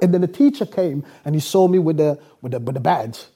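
Animated, mellow-voiced preacher man. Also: high voice, breathy edge. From South Africa. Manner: animated, acts out dialogue with quick laughs. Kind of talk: sermon storytelling.

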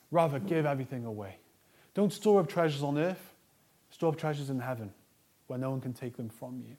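A man delivers a sermon in a slightly raised voice. He is earnest and builds repeated lists of phrases, dropping softly low and then pressing words out loudly. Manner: swings between a soft, low voice and loud stresses. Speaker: pastor.

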